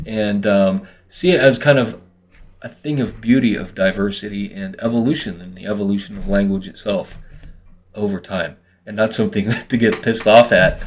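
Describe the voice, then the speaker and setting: Easygoing rambling man, lowish voice. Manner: relaxed, rambling with many fillers. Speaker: vlogger. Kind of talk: casual monologue to camera.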